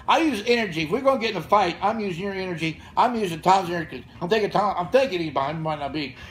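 A man's voice: high voice, expressive, fast, fairly bright tone, slight background noise, rough recording. Blunt, fired-up older man telling stories. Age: 60s. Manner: blunt, profane, fired-up storytelling. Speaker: podcast guest and gym founder. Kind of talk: casual podcast storytelling. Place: gym or studio with room ambience.

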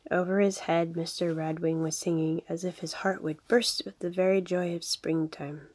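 A woman reads a children's storybook aloud with a husky, slightly low voice. Her delivery is gentle and often drops toward a half-whisper. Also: level tone, normal speed. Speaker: reader. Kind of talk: storybook narration.

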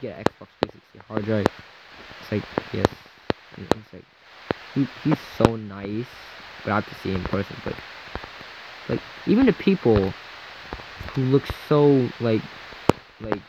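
Male vlogger, lowish voice, venting casually, rambling and filler-heavy, acts out the other guy's lines. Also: lively intonation, a little slow, pauses often, heavy background noise. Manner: frustrated, rambling, heavy on "like" and "you know", re-enacts dialogue. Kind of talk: casual ranting story to camera.

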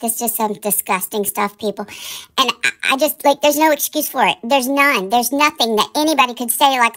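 On her commentary channel, a woman rants heatedly and briskly, scolding her audience with one rhetorical question after another. Her voice is high, bright, and sharp.

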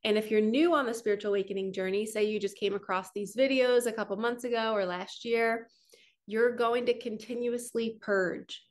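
A woman's voice: fairly high pitch, moderate pace. Earnest woman giving spiritual teaching. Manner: earnest, flowing, repetitive phrasing. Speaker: spiritual coach. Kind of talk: heartfelt spiritual teaching monologue.

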